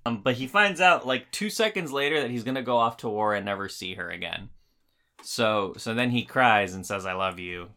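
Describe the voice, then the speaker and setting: A man's voice: on the low side, animated, moderate pace, bright, forceful tone. A man in a casual film discussion, picking a movie apart with sarcasm and plenty of fillers. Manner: critical, sarcastic, many fillers and restarts. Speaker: podcast co-host.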